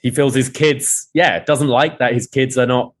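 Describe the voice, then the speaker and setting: A man hosting a casual podcast and recapping a TV finale scene by scene. His voice sits in an ordinary middle pitch, and he leans into the quoted dialogue, lifting and pressing it. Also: fairly even intonation, moderate pace. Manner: retells scenes, reading out dialogue with rising emphasis. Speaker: podcast host.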